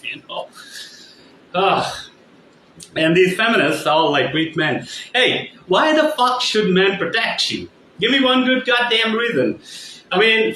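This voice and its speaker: A man's voice: high-pitched, pushed and bright, echoey room, slight background noise, poor audio. A man ranting on his vlog in a rambling, heated way, full of swearing. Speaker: vlogger. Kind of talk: casual vlog rant.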